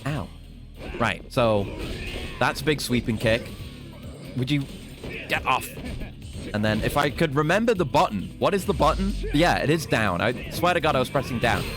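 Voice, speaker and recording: A man's voice: mid-range voice, expressive, normal speed, long pauses. A British man chatting and joking loosely as he streams himself playing a game. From Britain. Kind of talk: live-stream commentary while gaming. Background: game music.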